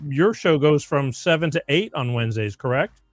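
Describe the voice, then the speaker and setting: Excitable male talk show host. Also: normal speed, no room sound. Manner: excitable, pitchman style with many restarts. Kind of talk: casual talk show banter and sponsor read.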